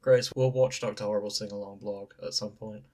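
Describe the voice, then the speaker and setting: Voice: mid-range voice, fairly even intonation, fairly quick, darkish tone. Giggly podcast co-host reading fanfic. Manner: enthusiastic, giggly banter. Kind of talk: casual chat.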